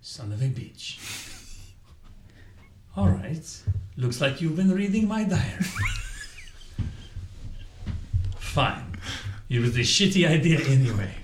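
A man's voice: on the high side, takes it slowly, long pauses, echoey room, slight background noise. A man playing a hot-tempered, foul-mouthed immigrant car salesman in broken English, in improv comedy. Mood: grumbling. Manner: swearing, excitable, broken English.

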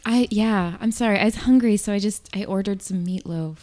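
An actress playing an eager, bubbly sister in an improvised comedy scene. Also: female voice, medium pitch, a little fast, dark tone, lightly acted. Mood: confiding. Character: giddy grieving sister, publishing worker.

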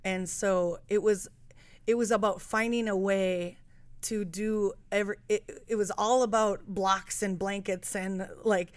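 A woman's voice: medium pitch, steady tone, a little slow, dry recording. A young woman on a podcast, telling a story in a rambling, self-interrupting way. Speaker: podcast guest. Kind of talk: casual chat.

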